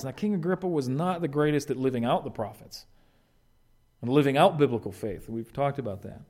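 A pastor preaching a conversational sermon, animated and informal, often restarting his phrases. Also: mid-range voice, a little fast.

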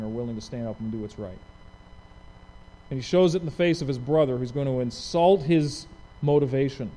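A man preaching a verse-by-verse Bible sermon, asking his listeners questions and acting out the people in the story. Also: mid-range voice. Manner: lively, asks the audience questions; acts out quoted speech conversationally.

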